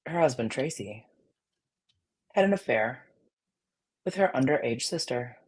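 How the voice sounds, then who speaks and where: A podcaster with a raspy voice, chatting casually in a blunt, heated way that swings from loud outbursts to low mutters. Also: animated, a little slow. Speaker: podcast co-host.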